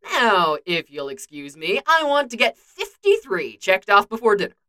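A woman's voice: medium pitch, sing-song, normal speed, sharp tone. A woman voicing a wisecracking young male archer who teases and mocks himself. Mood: teasing. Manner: teasing, self-mocking.

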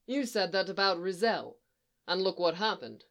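A woman doing a dry, calm Jedi master. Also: lowish voice, normal speed. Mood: teasing. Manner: dry, reasonable, gently teasing.

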